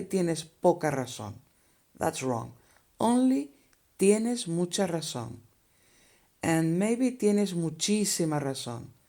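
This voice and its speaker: Slow, gravelly Spanish-accented woman teacher. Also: on the low side, mellow. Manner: patient, explains each phrase step by step. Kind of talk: language lesson explanation.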